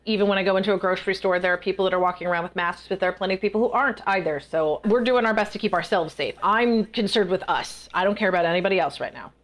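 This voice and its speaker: A woman guest author in a casual interview, telling stories in a chatty, animated way. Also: mid-range voice, racing, few pauses. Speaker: guest author and festival performer.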